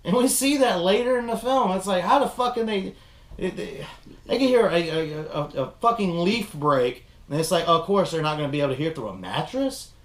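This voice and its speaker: A man's voice: high-pitched, fairly quick, roomy sound. A young man casually chatting as a film review host, rambling and swearing as he retells scenes. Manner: rambling, profane, animated retelling. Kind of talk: casual chat.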